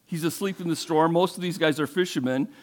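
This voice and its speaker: A man's voice: fairly high pitch, fairly quick, a little mellow. Man preaching a storytelling sermon. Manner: conversational storytelling, asks the congregation questions. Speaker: pastor.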